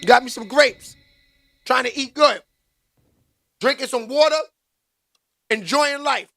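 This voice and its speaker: A man's voice: very high voice, takes it slowly, creaky, bright, forceful tone, dry recording, studio quality, faint music behind. A man hosting a live stream, chatting loosely and calling out viewers by name. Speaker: livestream host. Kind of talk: casual live commentary.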